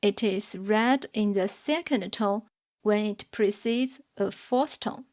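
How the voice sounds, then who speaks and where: A woman narrating a scripted beginner language lesson, explaining rules in a measured, carefully enunciated way. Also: mid-range voice, a little mellow. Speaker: language teacher.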